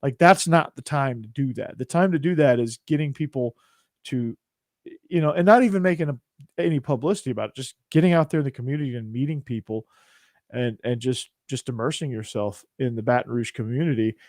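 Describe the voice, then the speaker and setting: A man's voice: medium pitch, brisk, darkish tone, no room sound, studio quality. A young man hosting a podcast, giving opinions in a rambling, casual way. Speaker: podcast host. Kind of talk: casual chat.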